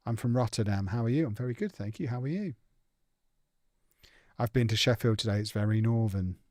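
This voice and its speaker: A man's voice: medium pitch, brisk, darkish tone, dry recording, studio quality. A young man hosting a casual live gaming stream, reading out chat and answering it with playful, teasing banter.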